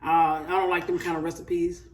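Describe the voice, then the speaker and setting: A woman's voice: on the low side, flat delivery, moderate pace, far from the mic, slight background noise. Chatty woman cooking at home. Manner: chatty, talks straight to viewers as y'all. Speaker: cooking vlogger. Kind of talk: casual chat while cooking and tasting.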